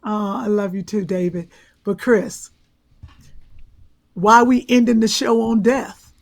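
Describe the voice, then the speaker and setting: Gravelly husky woman co-host. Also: mid-range voice, steady tone. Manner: quick playful interjections. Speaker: podcast co-host. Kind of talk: casual chat.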